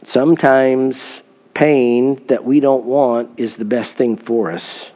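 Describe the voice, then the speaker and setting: A man's voice: medium pitch, fairly even intonation, slow, warm tone. A middle-aged man, a pastor, preaching a sermon in an earnest storytelling manner, with emphatic scripture reading.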